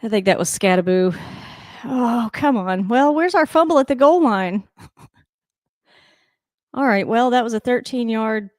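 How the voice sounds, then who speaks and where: A woman giving casual live reaction to a football game, with wry asides and a high coaxing voice for her dogs. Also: lively intonation, slow pace, pauses often, no echo, studio quality. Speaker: host of a football reaction channel. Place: at home.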